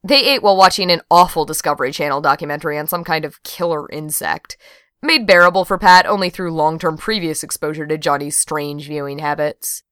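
Woman narrator, audiobook, lively wry delivery, lowish voice, dry close recording. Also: fairly quick, smooth, no room sound. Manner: expressive, wry. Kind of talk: scripted narration.

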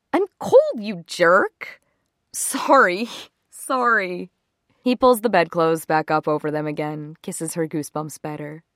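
Low-voiced woman reading a romance aloud. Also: darkish tone, dry recording, clean studio sound. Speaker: narrator.

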